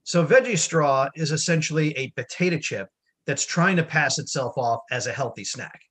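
Dad on a podcast, bright husky voice, a bit high, hams up his rant. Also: lively intonation, normal speed. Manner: wry, exaggerated storytelling with put-on voices. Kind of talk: casual chat.

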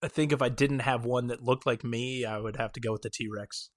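A man's voice: medium pitch, fairly even intonation, fairly quick, dry recording. Dry-witted man in podcast banter. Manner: dry, sardonic remarks. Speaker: podcast co-host. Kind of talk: casual podcast chat.

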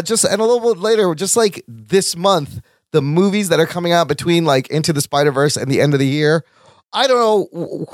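Male podcast host, high lively voice, excitable, cursing often, dry close sound. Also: no room sound. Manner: animated, excitable, swears freely. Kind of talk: casual chat.

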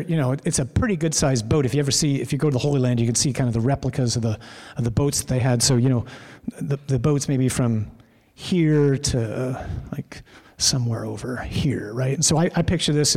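A man's voice: mid-range voice, husky, big-room sound. A man preaching a sermon in a church, telling a story vividly and drawing out key words for emphasis.

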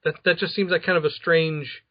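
A man's voice: a little high, steady tone, brisk. A man in casual chat about movies, asking short quizzical questions. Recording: dull lo-fi sound.

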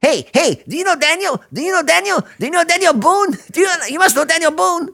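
A man's voice: extremely high pitch, expressive, a little fast, vocal fry, sharp tone, pitched above the performer's own voice, exaggerated voice. A man voicing a grinning, pushy male stranger at a gas station who keeps repeating the same question. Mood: insistent.

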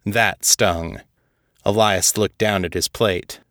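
Low-voiced man reading a story. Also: fairly even intonation, a bit bright, dry recording, clean studio sound. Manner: measured, matter-of-fact. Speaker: podcast host and author. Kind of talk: story narration and podcast talk.

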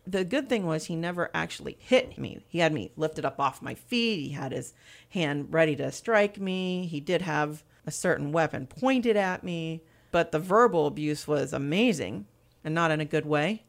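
A woman's voice: deep voice, animated, normal speed, gravelly. A woman telling her personal faith testimony as an interview guest, earnest and candid.

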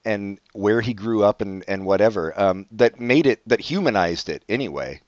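Low-voiced man in dry casual podcast chat. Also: animated, moderate pace, no echo, highs cut off. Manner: wry, swears casually, trails off in restarts. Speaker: podcast co-host.

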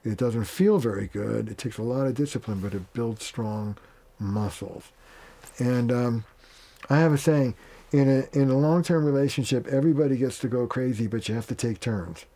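A man's voice: medium pitch, moderate pace, warm tone. A man who works as a family therapist, speaking as a guest in a conversational interview, plain-spoken and acting out bits of dialogue as he explains. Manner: plain-spoken, acts out dialogue in quoted voices.

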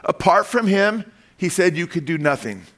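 High-voiced man preaching emphatically. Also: lively intonation, normal speed. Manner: emphatic preaching, calls out "amen?" to the congregation; swings between loud stressed lines and quiet dropped asides. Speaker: pastor. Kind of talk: sermon.

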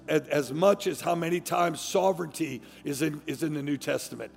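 A man preaching with fervent emphasis, his slightly high voice roughened by gravel. He drops to hushed asides, then rises to shouted declarations, with long hall reverb and faint music behind him. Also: brisk. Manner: swings from low, quiet asides to loud shouted declarations. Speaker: pastor. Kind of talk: sermon.

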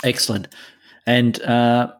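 A man's voice: mid-range voice, level tone, takes it slowly, clear, resonant tone, no echo, clean studio sound. A middle-aged man co-hosting a casual chat, hesitant, full of ums and restarts. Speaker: podcast co-host.

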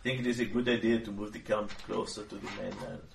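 A man's voice: on the low side, steady tone, quick pace, vocal fry, pitched below the performer's own voice. A man voicing a laid-back male islander with a put-on Jamaican lilt, easygoing and friendly, recorded from a distance in a roomy space with faint hiss. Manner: easygoing, calls everyone "Mon".

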